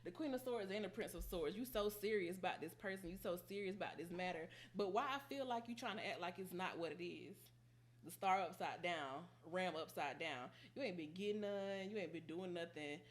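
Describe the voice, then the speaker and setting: A woman's voice: fairly low pitch, a little fast. A woman giving a casual tarot reading, teasing and blunt, with plenty of slang and frequent laughter. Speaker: tarot reader.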